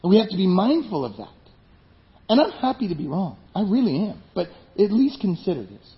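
A man's voice: high-pitched, wildly swooping pitch, a little fast. A man preaching a sermon with emphasis, turning to the congregation with rhetorical questions. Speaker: pastor. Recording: dull lo-fi sound.

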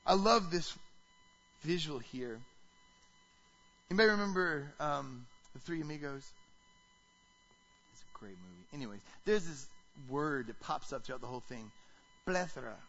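A man preaching a sermon to a congregation, animated, often asking the listeners questions. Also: on the high side, moderate pace, pauses often, lo-fi sound. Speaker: pastor.

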